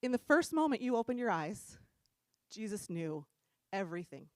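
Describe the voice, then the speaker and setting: A middle-aged woman from New Jersey preaching in a church room, telling stories in a casual, animated way and laughing often. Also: mid-range voice, moderate pace, no echo. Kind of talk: casual storytelling sermon.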